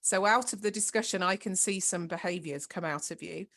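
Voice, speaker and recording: A woman's voice: on the low side, fairly quick, a bit bright. Woman facilitating an online workshop. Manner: encouraging, instructive. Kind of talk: online training session.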